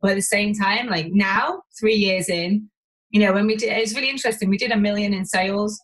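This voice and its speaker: This woman from Warrington, England, is a business owner appearing as a podcast guest in a frank, chatty interview. Her medium-pitched speech is rapid and lively, with free swearing and many restarts, and the audio quality is poor.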